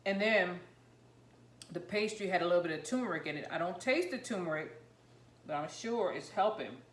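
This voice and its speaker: A woman vlogging about home cooking, chatting excitedly and rambling while she tastes and eats her food. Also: lowish voice, moderate pace, roomy sound. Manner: talking while eating, mouth full. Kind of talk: casual cooking vlog, tasting on camera.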